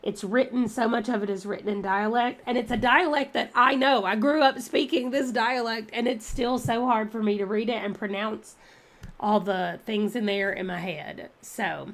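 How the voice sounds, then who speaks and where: A woman's voice: fairly high pitch, fairly even intonation, normal speed. A woman hosting her reading channel, chatting casually and thinking aloud during a readathon livestream. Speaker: book channel host.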